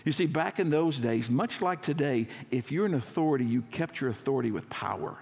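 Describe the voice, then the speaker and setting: A man, a lead pastor, preaching a conversational sermon in a church, acting out scenes and slowing down for emphasis. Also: mid-range voice, expressive, creaky, a little mellow, in a large hall.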